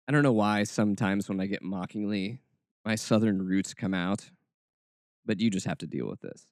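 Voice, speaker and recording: A man with a lowish voice hosts a podcast at a moderate pace, delivering snarky, exasperated commentary. He's sarcastic and animated, and the recording is dry with clean studio sound.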